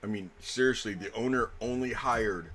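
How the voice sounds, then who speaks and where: A man's voice: lowish voice, moderate pace, fairly bright tone, slight background noise. A man serving as game master, chatting casually and rambling through a story with lots of fillers. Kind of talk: casual table chat between game sessions.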